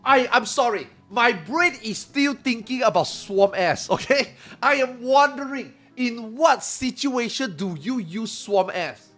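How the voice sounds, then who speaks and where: A man in his forties chatting casually on a live stream, animated and laughing as he mocks slang. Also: very high-pitched, a little slow, faint music behind. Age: 40s. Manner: animated, laughing, mocking slang in comic voices.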